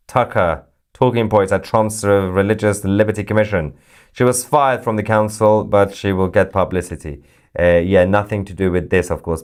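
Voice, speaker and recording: Joking man reading live chat. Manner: joking, sarcastic, jumps into high mock voices. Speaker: livestream news host reading live chat. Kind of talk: casual live-chat commentary.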